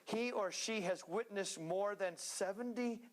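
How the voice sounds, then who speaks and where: A man preaching a sermon in a church, earnest and steady, now and then slipping into joking asides. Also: sits high, unhurried.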